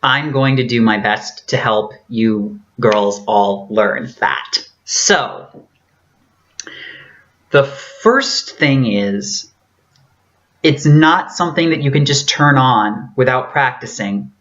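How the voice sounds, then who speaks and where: A woman's voice: a bass voice, lively intonation, slow, lo-fi sound. A woman vlogger giving an earnest, casual tutorial with a theatrically trained voice and many fillers.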